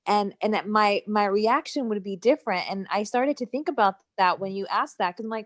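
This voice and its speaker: A woman taking part in a workshop, asking a question hesitantly with many pauses. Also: medium pitch, dry recording, clean studio sound. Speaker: workshop participant.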